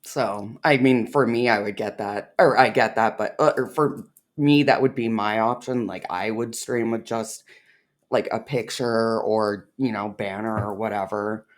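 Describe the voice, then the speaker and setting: A woman's voice: a bass voice, a little slow. A woman co-hosting a reaction video, speaking in a dry, teasing way. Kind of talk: casual reaction chat.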